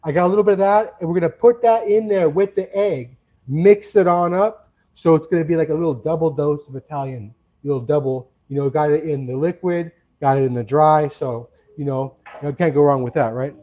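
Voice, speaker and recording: A man's voice: fairly high pitch, brisk, dull audio. A man hosting a casual cooking livestream from his home kitchen, chatting to viewers in a rambling, friendly way.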